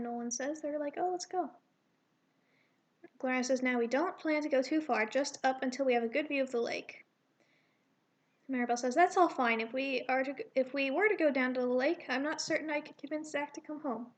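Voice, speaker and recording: High-voiced woman reading her comic casually. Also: a bit bright. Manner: rambling, self-correcting, with quick asides. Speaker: comic artist reading her draft aloud. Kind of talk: casual read-through of a comic, voicing characters.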